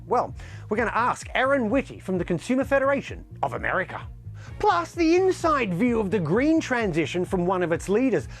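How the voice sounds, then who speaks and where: Lively male news presenter. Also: high-pitched. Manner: lively, emphatic delivery. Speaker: news show host.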